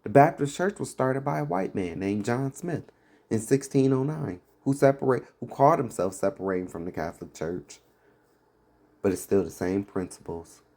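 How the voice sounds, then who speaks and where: A man's voice: medium pitch, lively intonation, normal speed, gravelly, a little mellow. A man giving fiery, blunt commentary on preachers, scornful and mocking. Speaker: religious commentator.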